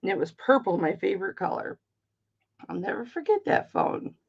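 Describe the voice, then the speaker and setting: A middle-aged woman hosts a live jewelry auction, chatting casually while selling, swearing freely and greeting viewers by name. Her mid-range voice is very animated with vocal fry at a moderate pace, captured in dull lo-fi stream audio.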